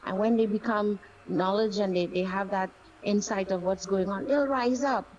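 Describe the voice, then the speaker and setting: A woman with a Trinidadian accent calling in to a talk show, passionate, talking in quick bursts and repeating words. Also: mid-range voice, a little mellow, a little hiss or hum. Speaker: caller. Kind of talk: call-in conversation. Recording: dull phone-line call.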